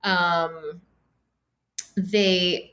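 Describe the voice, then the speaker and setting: A woman's voice: lowish voice, fairly even intonation, extremely slow, fairly bright tone. Woman, podcast co-host, casual chat, sarcastic, lots of fillers. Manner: chatty, many fillers, sarcastic.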